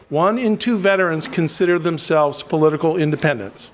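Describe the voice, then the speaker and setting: A man from western Pennsylvania emceeing a political rally, halting with many restarts and self-deprecating jokes. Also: fairly high pitch, sing-song, a bit bright.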